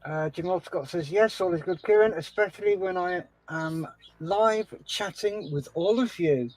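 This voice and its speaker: A man's voice: sits high, unhurried, a little mellow, poor audio. A man hosting a casual livestream chat, reading out viewer comments and laughing easily.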